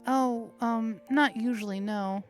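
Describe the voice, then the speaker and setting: A woman's voice: on the high side, slow, faint music behind. A woman hosting a let's play, reading the game's narration aloud with playful, crude asides. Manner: playful, giggly, crude jokes between narration. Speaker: host.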